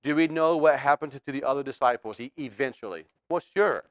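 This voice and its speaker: A man's voice: medium pitch, brisk, no echo. Male pastor, chatty sermon delivery with fillers, resonant tone. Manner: conversational, questioning the congregation, with fillers.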